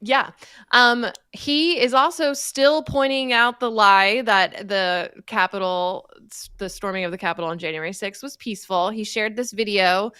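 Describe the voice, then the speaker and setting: A woman's voice: mid-range voice, fairly even intonation, a little slow, pushed and bright, smooth, no room sound, studio quality. A woman co-hosting a podcast, talking casually with many fillers. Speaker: podcast co-host. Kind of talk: casual commentary chat.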